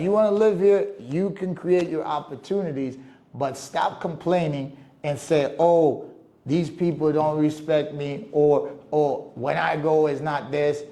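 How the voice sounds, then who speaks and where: A man hosting his own podcast, talking casually in a monologue and acting out quoted visitors with lively restarts. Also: a little high. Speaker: podcast host. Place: living in the Dominican Republic.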